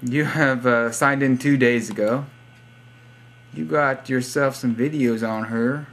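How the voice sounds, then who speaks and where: A man's voice: medium pitch, fairly even intonation, slow, fairly bright tone, a little hiss or hum. A young man vlogging casually from his computer, joking in a silly, rambling way and now and then slipping into put-on accents. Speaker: YouTube vlogger giving shoutouts. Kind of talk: rambling casual vlog monologue. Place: home room at a computer.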